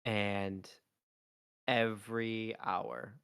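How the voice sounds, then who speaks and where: A man's voice: fairly low pitch, fairly even intonation, extremely slow, a bit bright, clear, resonant tone, dry recording, clean studio sound. A man co-hosting a podcast, telling a long family story in casual chat with lots of ums and likes. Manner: rambling storyteller, many fillers. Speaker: podcast co-host, father.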